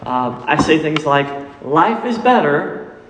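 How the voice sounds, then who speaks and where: A man's voice: fairly high pitch, very animated, slow, reverberant, big-room sound, a little hiss or hum, low-quality recording. A man preaching a sermon in church, emphatic and repetitive, quizzing his congregation as he goes. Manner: emphatic, repeats key points and quizzes the congregation. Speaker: pastor. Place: church sanctuary.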